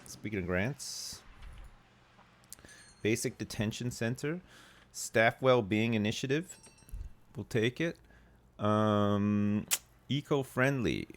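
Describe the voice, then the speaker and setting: A man streaming a game live, rambling and joking casually. His voice sits low and relaxed as he talks. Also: slow pace, long pauses.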